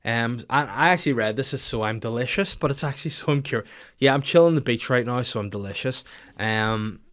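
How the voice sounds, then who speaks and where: A man's voice: medium pitch, fairly quick. Male podcast host, 30s, crude sweary comic chat. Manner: crude, sweary, animated storytelling.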